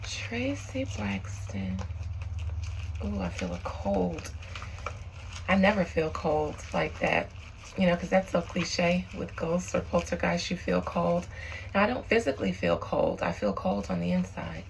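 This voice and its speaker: A woman working as a psychic medium, leading a spiritual channeling session with slow, solemn invocations and earnest, reflective commentary. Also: lowish voice, expressive, vocal fry, slight background noise, rough recording.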